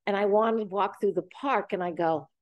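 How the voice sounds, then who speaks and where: Lady in her seventies, mid-pitched, animated storyteller doing little voices, dry sound. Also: a little fast, dry recording, lo-fi sound. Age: 70s. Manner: animated storytelling, acts out quoted dialogue. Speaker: host leading a group talk. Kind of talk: casual group chat. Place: boxing gym.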